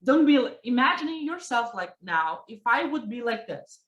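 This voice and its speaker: A woman teaching presentation skills in a workshop, lively and talking straight to her listeners while she acts out examples. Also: a little high, moderate pace, muffled recording. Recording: echoey room.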